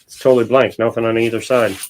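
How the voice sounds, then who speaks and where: A man's voice: medium pitch, steady tone, fast talker, a little hiss or hum, low-quality recording. A man from Ohio hosting a casual livestream while hunting through coin rolls, blunt and joking in his crude banter. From Ohio, USA. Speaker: livestream host.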